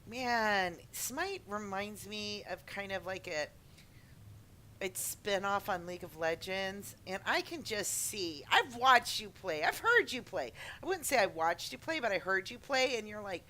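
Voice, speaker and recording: A woman in her twenties hosting a casual podcast stream, chatting in an animated way and acting out other people's lines. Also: mid-range voice, normal speed. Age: 20s. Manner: animated, laughing, acts out friends' lines. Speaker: podcast host.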